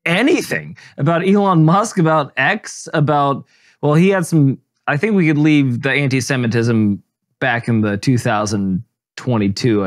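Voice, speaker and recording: Animated, joking podcast host, a man. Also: medium pitch. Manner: joking, crude, playful. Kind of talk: casual chat.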